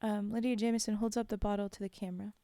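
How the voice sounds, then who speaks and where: Mellow-voiced woman reading a story. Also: medium pitch, level tone, rapid-fire, no echo, studio quality. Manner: reads aloud, breaks off to chat with viewers, sometimes whispers. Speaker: streamer reading stories. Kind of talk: casual read-aloud storytelling.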